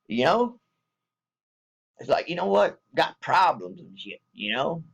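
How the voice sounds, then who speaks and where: A man's voice: a little high, big pitch swings, moderate pace, creaky, fairly bright tone, slightly rough. A man from the States, a military veteran ranting bluntly and angrily with heavy profanity in a vlog. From Southern United States. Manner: blunt, angry and heavily profane.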